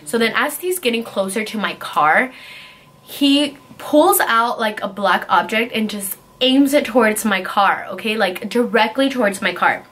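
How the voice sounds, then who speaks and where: A young woman vlogger telling a story in a casual, fast, breathless way, full of fillers. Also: on the high side, expressive, a bit bright. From California.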